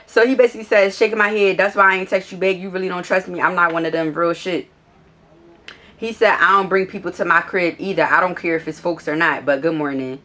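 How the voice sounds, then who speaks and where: A woman with a fairly low voice tells a storytime for her vlog in a casual, unfiltered way. She swears freely and reads out text exchanges line by line. Her tone stays exasperated and incredulous throughout. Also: steady tone, fairly quick, bright, forceful tone. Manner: blunt, profane, retells text messages back and forth. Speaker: vlogger.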